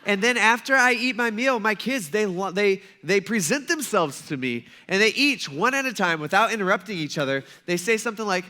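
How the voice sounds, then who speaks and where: Bright-voiced man preaching with jokes. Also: high-pitched, animated, fairly quick, hardly any pauses. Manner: joking, self-mocking storytelling. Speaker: pastor. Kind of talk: sermon. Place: church sanctuary.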